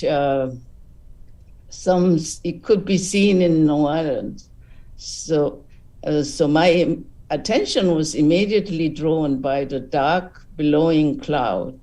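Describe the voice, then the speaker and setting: A woman's voice: low voice, warm tone, distant mic, low-quality recording. A woman serving as juror, giving a thoughtful, hesitant spoken critique of a painting over a video call.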